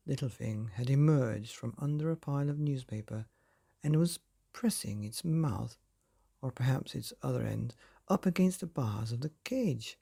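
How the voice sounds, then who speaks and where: A man's voice: mid-range voice, lively intonation, normal speed, creaky, warm tone, slightly rough. A man hosting a bedtime story podcast, reading a chapter aloud in a cosy, theatrical storytelling manner. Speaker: bedtime story narrator and host.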